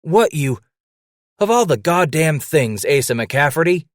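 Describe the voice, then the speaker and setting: A man voicing a rough frontier trapper who growls and curses bluntly. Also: medium pitch, expressive, moderate pace, dry recording, studio quality, pitched above the performer's own voice, close to an everyday voice. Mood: gruff. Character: gruff, cursing trapper roused from sleep.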